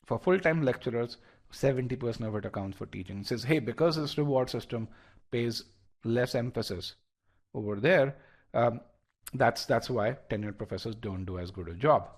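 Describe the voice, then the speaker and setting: A test prep instructor with a medium-pitched voice at normal speed leads a live online class. He animatedly reasons step by step, restarting often, using lots of fillers and polling his students.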